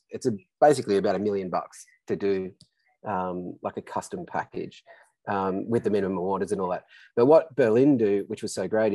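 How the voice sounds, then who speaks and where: A middle-aged Australian man with a slightly low voice tells his story in a loose, conversational way, leaning on fillers and being frank. The sound is dry and close, with no room around it. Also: no echo, poor audio. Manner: rambling, filler-heavy, relaxed and frank. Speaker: business founder guest. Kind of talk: casual storytelling interview.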